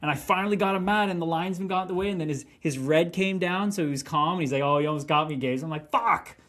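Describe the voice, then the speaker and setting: A man, a former pro hockey player, telling profane, animated stories as a guest in casual podcast chat. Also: sits high, rapid-fire.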